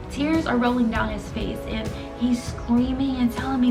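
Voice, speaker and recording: A woman's voice: on the high side, fairly even intonation, a little fast, hardly any pauses, roomy sound, recorded from a distance, music in the background, poor audio. A young woman telling an emotional story to her viewers in a casual vlog, earnest and direct. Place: home room.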